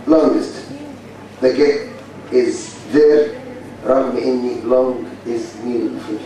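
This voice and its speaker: A man's voice: medium pitch, expressive, measured pace. A man with an Egyptian Arabic accent giving a university phonetics lecture, repeating points and drilling the class in a blunt manner. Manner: repetitive, drilling students, blunt. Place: large lecture hall. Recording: very echoey hall, distant mic, faint hiss.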